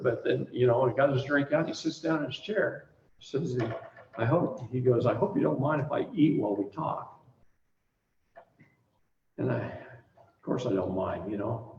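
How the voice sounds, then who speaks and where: A man's voice: mid-range voice, gravelly, darkish tone, a little hiss or hum. A man speaking to a live class, telling a personal story and acting out the dialogue, often laughing along. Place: large echoey room with audience. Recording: echoey room from far off, dull lo-fi.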